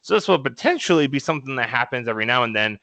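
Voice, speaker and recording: Racing through his anecdotes, this young podcast co-host is very animated, with a mid-range, creaky voice that sounds bright and forceful. He laughs a lot and his casual storytelling is packed with fillers and restarts. There's no room sound, but the recording quality is low.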